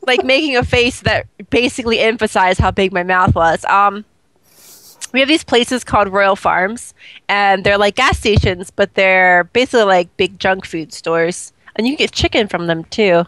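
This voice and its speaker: A woman's voice: mid-range voice, moderate pace, a bit bright, no echo. A woman co-hosting a casual podcast chat, teasing and laughing often. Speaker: podcast co-host.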